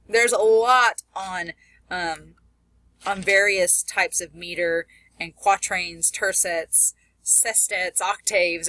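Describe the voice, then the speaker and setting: Woman, college instructor; casual explanatory lecture delivery, bright tone, dry close sound. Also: mid-range voice, no echo. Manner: explanatory, reads example words slowly with stress; casual with fillers. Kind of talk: recorded lecture.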